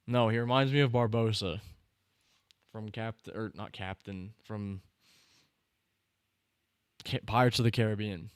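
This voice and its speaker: A man hosting a live stream, chatting casually and reacting excitedly to the screen and his chat. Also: on the low side, measured pace, long pauses, clear, resonant tone, no room sound, clean studio sound. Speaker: streamer host.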